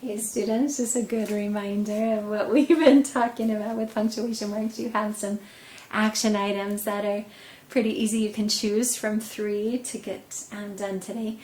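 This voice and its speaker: A woman teacher talks students through their tasks in a relaxed, casual way, with a few "um"s along the way. Her voice echoes in a room with a faint hum of noise. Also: medium pitch, moderate pace. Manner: relaxed, with frequent "um"s. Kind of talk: casual classroom instructions.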